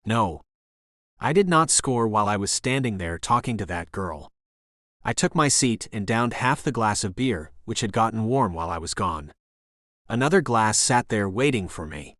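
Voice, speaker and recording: A man's voice: lowish voice, animated, moderate pace, a bit bright, no room sound, studio quality. A man narrating a first-person romance audiobook in a wry, conversational way.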